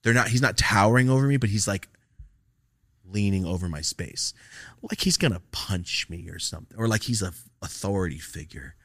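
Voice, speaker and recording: A man hosting a podcast, telling a comic story casually with lots of swearing and animated energy. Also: lowish voice, a little fast, no echo, clean studio sound. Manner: animated, profane, acts out quoted lines. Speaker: podcast host.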